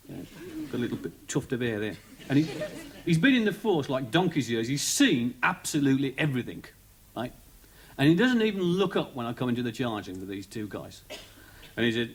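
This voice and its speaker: A slightly rough, mid-range male voice with a Birmingham accent carries a chatty, digressive stand-up routine full of asides. The setting is a 1970s TV studio with a live audience whose laughter fills the recording.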